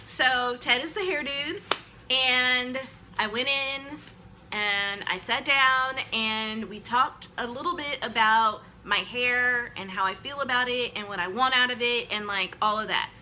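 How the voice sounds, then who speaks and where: A woman talks to her own camera in a loose storytime monologue, her voice very bright and sharp and sitting somewhat high. She rambles through fillers and pokes fun at herself as she goes. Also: measured pace, a little hiss or hum, low-quality recording. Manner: chatty and rambling, with frequent "like" fillers; self-deprecating and joking. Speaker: vlogger telling a personal story. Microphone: camera she films herself with.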